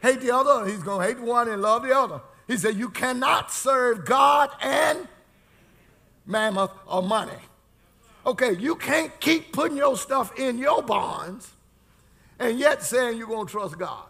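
A man preaching a sermon in call-and-response style, shouting key lines and drawing out words. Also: very high voice, expressive, a little slow, gravelly.

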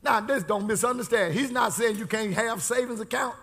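High gravelly-voiced preacher man. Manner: call-and-response preaching, shouting key lines, drawn-out words. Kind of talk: sermon.

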